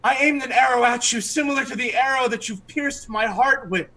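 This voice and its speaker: A man's voice: very high voice, brisk, bright, forceful tone, voice pushed up. A man voicing a smitten, groveling male ranger who gushes and pleads. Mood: gushing. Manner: pleading, gushing and breathless.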